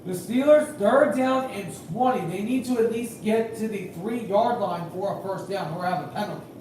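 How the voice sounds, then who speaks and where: A man calling a game live in casual play-by-play, rambling and hedging with fillers, growing excited on big plays. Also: high voice, moderate pace. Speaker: amateur game commentator and high school official. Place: at home at night. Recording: very echoey room, distant mic, faint noise.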